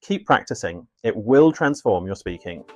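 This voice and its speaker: A man narrating a scripted English lesson in a clear, measured, instructive way. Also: fairly low pitch, very animated, a little mellow, soft background music. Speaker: English teacher.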